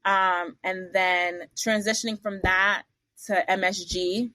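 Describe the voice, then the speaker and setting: A woman talking casually as a podcast guest, retelling her career with lots of energy. She acts out the other people in her stories and throws in blunt, salty asides. Her voice sits at a medium pitch, recorded close and dry. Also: fairly even intonation, slow pace, pushed and bright, no echo. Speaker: interview guest. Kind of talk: casual storytelling interview.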